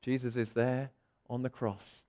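Male preacher, expressive sermon delivery, acts out quoted voices, loud-to-soft swings. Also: mid-range voice, unhurried.

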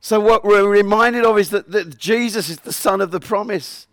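A man with a fairly high voice preaches a sermon in an earnest tone. He keeps coming back to scripture verses and repeats them for emphasis. The recording is close and dry, with no room echo. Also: normal speed, fairly bright tone.

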